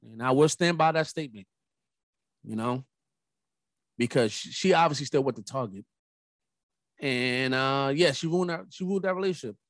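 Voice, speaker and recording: A young adult man hosting a casual solo podcast, telling rambling, animated stories with emphatic asides. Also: a little high, no echo. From New York. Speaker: podcast host.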